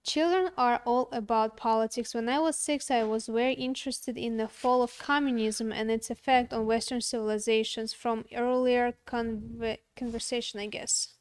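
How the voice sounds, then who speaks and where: A woman's voice: fairly high pitch, steady tone, normal speed, few pauses, clear, resonant tone. A woman co-hosting a talk show, reading a viewer comment aloud and answering with curt refusals. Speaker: co-host. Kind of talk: casual chat, reading comments.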